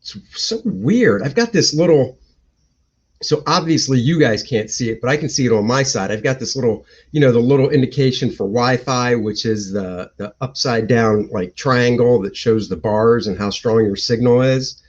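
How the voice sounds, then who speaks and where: A man's voice: medium pitch, moderate pace, breathy edge, highs cut off. A man hosting a casual live stream, chatting and reading out viewer comments as they come in. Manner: chatty, greets and reads viewer comments aloud.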